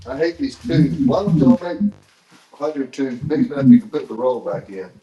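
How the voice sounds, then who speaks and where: A man's voice: mid-range voice, lively intonation, moderate pace, dark tone, highs cut off. A man hosting a casual live-stream chat, rambling and correcting himself as he goes. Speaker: host.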